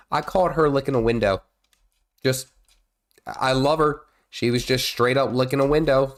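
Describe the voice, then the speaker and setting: A man in his thirties, congested with a cold, rambling casually as he streams a game and reacts to it. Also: medium pitch. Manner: rambling, chatty, exclaims at the game. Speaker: gaming streamer. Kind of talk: casual live gameplay commentary.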